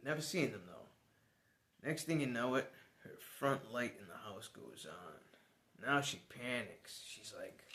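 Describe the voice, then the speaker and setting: A man's voice: a little high, big pitch swings, normal speed, fairly bright tone. A man telling a personal story in a casual, rambling way, chuckling now and then. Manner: rambling, conversational, restarts, chuckles.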